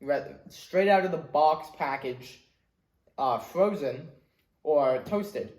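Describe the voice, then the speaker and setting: Male food review host, slightly higher voice, joking manner, echoey room. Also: takes it slowly, darkish tone.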